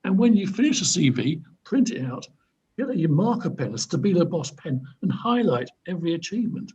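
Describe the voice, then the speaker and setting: A man mentoring on a video call, giving emphatic career advice in a husky voice. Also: a little high, big pitch swings, brisk, a little mellow. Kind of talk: advice in an online mentoring session. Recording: dull video call audio.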